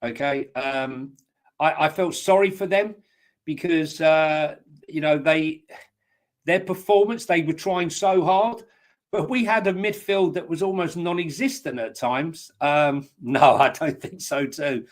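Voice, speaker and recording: A man's voice: on the high side, a little slow. A man co-hosting a casual football chat, rambling and cracking jokes as he gives his views. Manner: jokey, rambling, with wisecracks. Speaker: co-host and pundit.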